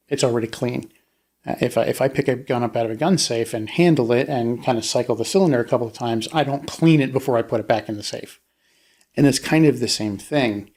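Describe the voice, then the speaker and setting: Man, mid pitch, gravelly, casual co-host, explanatory, halting. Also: darkish tone. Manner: explains step by step, with many fillers and restarts. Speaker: podcast co-host. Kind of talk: casual true-crime discussion.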